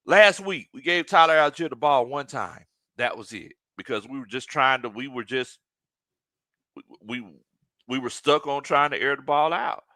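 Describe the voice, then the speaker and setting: A man's voice: mid-range voice, moderate pace, sharp tone, no echo. A man hosting a casual live football stream, rambling and stumbling over repeated words while he reads viewer comments aloud, a little congested from a sinus infection. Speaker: sports live stream host.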